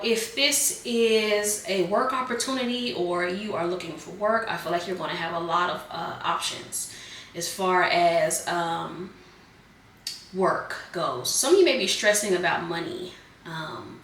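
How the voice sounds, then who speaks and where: A woman doing a casual tarot reading, a bit hoarse as she is losing her voice, chatting loosely with many fillers. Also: fairly low pitch, measured pace, a bit bright, roomy sound, distant mic, slight background noise. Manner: chatty, filler-heavy, calls viewers "Geminis". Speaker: tarot reader.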